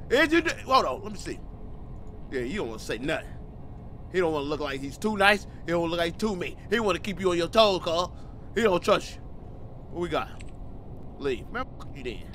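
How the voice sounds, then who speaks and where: High bright-voiced joking gamer guy. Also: brisk, slight background noise. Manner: animated, slangy and joking, swears freely; reads game text aloud and riffs on it. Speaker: gaming YouTuber. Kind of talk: casual let's-play commentary.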